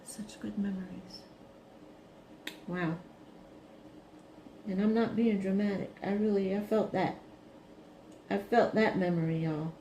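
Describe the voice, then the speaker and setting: A woman from Brooklyn, talking casually as a craft vlogger, reminiscing and then turning animated. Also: mid-range voice, slow, pauses often, echoey room, noisy background. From Brooklyn, New York. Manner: chatty, reminiscing, rises to animated scolding. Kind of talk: casual monologue while crafting.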